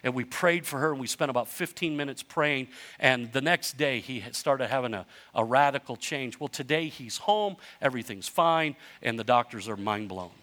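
Bright-voiced man preaching a sermon. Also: medium pitch, normal speed, hardly any pauses. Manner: animated preaching, rising to loud emphatic runs; conversational storytelling with self-interruptions. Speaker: pastor.

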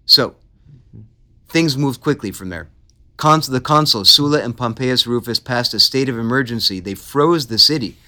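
A man hosts a history podcast, narrating with animated energy and easy humor. His voice is bright and sharp-edged, at an ordinary male pitch. He keeps it conversational, joking along with his co-host. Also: normal speed. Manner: animated, laughs easily, playful asides. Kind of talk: casual history podcast storytelling.

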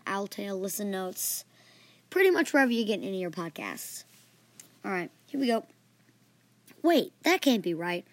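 A woman narrating a story podcast in a lively, playful way. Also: mid-range voice, dry recording. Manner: lively, playful, doing character voices.

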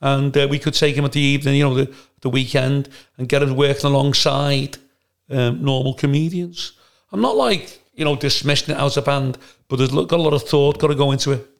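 A man's voice: medium pitch, steady tone, fairly quick, gravelly. A man from the United Kingdom hosting a casual podcast chat, a blunt storyteller who swears freely. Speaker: comedian and podcast host.

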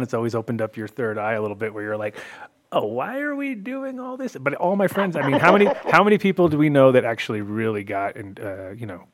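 Man, low-pitched, laid-back rambling chat, drifts soft, dry close mic. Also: no echo. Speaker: podcast co-host. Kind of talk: casual chat.

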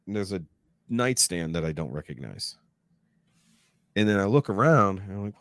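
A man's voice: on the low side, normal speed, no room sound, studio quality. A man on a podcast telling a long dream story in a casual, profane way. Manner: profane, animated retelling with acted-out quotes. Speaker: podcast guest.

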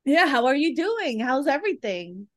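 A woman hosting a podcast in casual chat, bubbly and quick to laugh. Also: high-pitched, big pitch swings, dry recording, clean studio sound. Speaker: podcast host.

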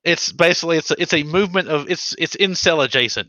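A man's voice: on the high side, fast, few pauses, sharp tone, dry recording, lo-fi sound. A man hosting a podcast in casual chat, rambling loosely with fillers and casual swearing. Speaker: podcast host.

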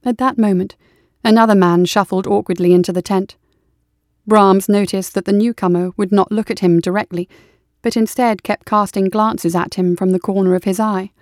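In clean studio audio with no room sound, a female narrator reads an audiobook at a normal speed. Her medium-pitched delivery stays steady and even throughout the storytelling.

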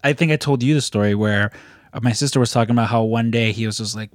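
A man's voice: medium pitch, little pitch movement, quick pace, dry recording. A man in casual podcast chat, telling loose, easygoing stories. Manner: easygoing storyteller, loose and rambling.

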